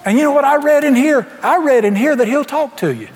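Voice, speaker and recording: A man's voice: extremely high pitch, animated, a little fast, big-room sound. A man preaching a sermon, telling his story in a folksy way and acting out the dialogue.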